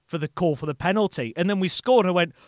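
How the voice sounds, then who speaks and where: A man's voice: high-pitched, lively intonation, fast talker, darkish tone, no echo, clean studio sound. A man hosting a podcast, chatting casually and joking at his own expense. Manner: chatty, self-deprecating. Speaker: podcast host. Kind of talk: casual interview chat.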